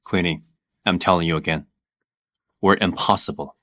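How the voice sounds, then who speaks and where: An actor voicing a cold young CEO husband in a dubbed drama, curt and commanding. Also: male voice, sits low, steady tone, moderate pace, a bit bright. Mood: firm. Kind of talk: dubbed short-drama acting.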